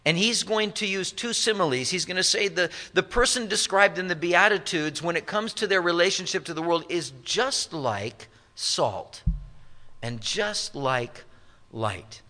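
Bright-voiced preaching man. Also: high-pitched, lively intonation. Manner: emphatic preaching with slow stressed phrases. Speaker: pastor. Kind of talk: sermon.

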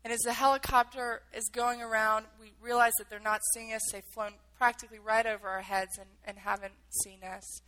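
A woman's voice: a little high, flat delivery, fairly quick, hardly any pauses, pushed and bright, rough recording. A woman telling a personal story in a vivid, emotional way, acting out the quotes.

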